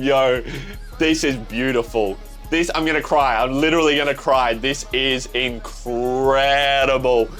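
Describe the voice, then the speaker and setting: A young man with an Australian accent hosts a manga reaction, his voice sitting in a plain middle pitch. He bursts out with excitement, curses freely and reads the pages aloud between his reactions. Faint music plays behind him. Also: measured pace. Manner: excitable, swears freely, gushes. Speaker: reaction channel host.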